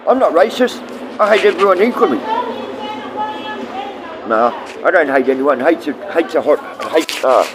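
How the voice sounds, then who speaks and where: A man's voice: a little high, lively intonation, normal speed, pauses often, a crowd in the background, noisy background. A man with an Australian accent streaming live, rambling bluntly and swearing often as he talks to his chat.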